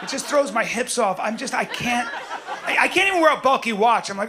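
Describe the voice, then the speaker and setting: A middle-aged man performing a stand-up comedy set, rambling through stories with animated acted-out bits. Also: very high voice, normal speed. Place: comedy stage. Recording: live stage recording with audience noise.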